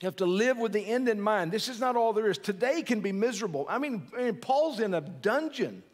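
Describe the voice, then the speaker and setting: A middle-aged pastor delivers a sermon in a chatty, joking style, frequently throwing questions at his audience. His voice sits high and sounds animated, moving a little quickly, and a long hall reverb trails after it.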